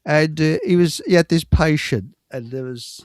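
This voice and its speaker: Older bloke rambling through a story, stumbles a lot, slightly high voice, dry close sound. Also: male voice, normal speed, dry recording. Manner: rambling, stammering restarts, chuckles often. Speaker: show host. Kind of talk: casual storytelling on a live stream.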